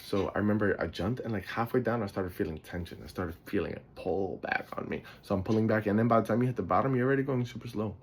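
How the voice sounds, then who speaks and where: A sleepy man talks on his podcast in a lowish voice, wandering off track and swearing offhandedly. He sounds drowsy and yawns between thoughts. A faint background noise sits under the recording. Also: fast, hardly any pauses. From the Bronx, New York. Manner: rambling, loses his thread, swears casually. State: sleepy, yawning a lot. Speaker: podcast host. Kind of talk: casual storytelling monologue.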